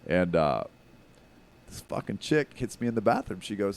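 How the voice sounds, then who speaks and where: Deep-voiced profane man, emphatic. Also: fast, darkish tone. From Hawaii. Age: middle-aged. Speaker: guest. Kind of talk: casual podcast chat.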